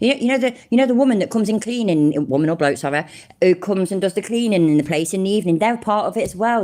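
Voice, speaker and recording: A woman's voice: medium pitch, animated, quick pace, mellow. A woman hosting a live reaction stream, blunt and sarcastic, swearing constantly as she comments on a video. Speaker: livestream reaction host.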